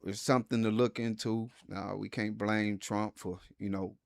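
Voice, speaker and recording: Low gravelly halting man. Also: level tone, no room sound, studio quality. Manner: halting, many fillers and restarts, measured. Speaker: co-host. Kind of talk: casual political talk show.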